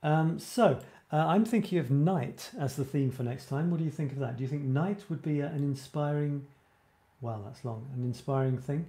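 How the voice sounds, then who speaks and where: At a moderate pace, a man with a dark-toned voice on the high side hosts a live writing show. He chats casually and rambles, frequently breaking off mid-sentence and laughing at himself.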